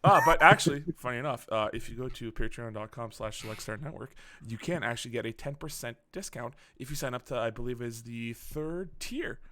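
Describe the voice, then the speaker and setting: A young man hosting a casual podcast, telling a story in a lively, swearing way and acting out the people in it. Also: medium pitch, fairly quick. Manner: animated, swearing storyteller who acts out quotes. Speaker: podcast host.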